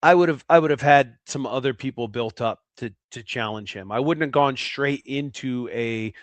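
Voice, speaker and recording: A man's voice: mid-range voice, normal speed, no echo. A man co-hosting a casual sports podcast, talking in a thoughtful way and often repeating words as he thinks. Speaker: podcast co-host.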